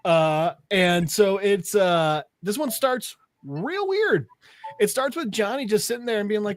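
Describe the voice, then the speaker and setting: A man with a high voice hosts a comic segment on a casual podcast. He tells the story with energy and slips into character voices. The recording is dry and close. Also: unhurried, no echo, soft background music. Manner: animated storyteller, acts out voices. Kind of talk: casual chat, retelling a comic.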